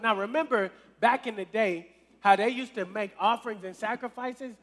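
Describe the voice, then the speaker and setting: A man's voice: very high-pitched, measured pace, fairly bright tone. A man leading a casual youth sermon in a church service, talking conversationally and checking in with the crowd often. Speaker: youth minister. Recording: long reverb in a hall.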